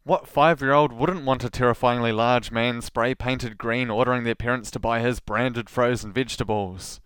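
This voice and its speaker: A man's voice: mid-range voice, fairly bright tone, clean tone, no echo. A man hosting a podcast, reading a scripted solo monologue full of sarcastic, mocking asides. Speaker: podcast host.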